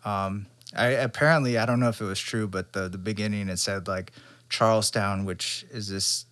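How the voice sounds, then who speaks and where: A man's voice: on the low side, moderate pace. Rambling young man chatting about films. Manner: rambling, animated, full of fillers. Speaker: podcast co-host. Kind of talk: casual chat about movies.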